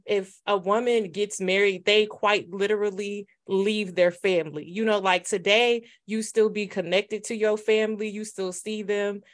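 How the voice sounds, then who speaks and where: Woman, podcast co-host, casual chatty storyteller. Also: medium pitch. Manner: chatty, laughs while retelling a Bible story. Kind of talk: casual faith podcast chat.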